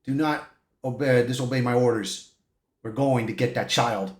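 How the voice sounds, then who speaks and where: A man voicing a menacing male cosmic giant who gives stern, slow commands. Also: medium pitch, steady tone, echoey room, voice pushed down, natural voice.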